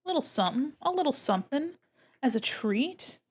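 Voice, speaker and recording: Upbeat woman streamer with a slightly high voice, chatting loosely with her viewers while she draws. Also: big pitch swings, fairly quick. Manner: bubbly, rambling, giggles often; chats with viewers, thinks aloud. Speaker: streamer painting digital art. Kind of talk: casual live-stream chat while drawing.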